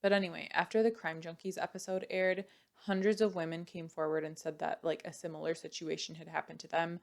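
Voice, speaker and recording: Young woman telling a crime story like she's chatting w a friend, kinda low voice, lots of "like". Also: flat delivery, fairly quick, creaky. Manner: chatty, peppered with "like" and "you know". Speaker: true crime YouTuber. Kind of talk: casual storytelling.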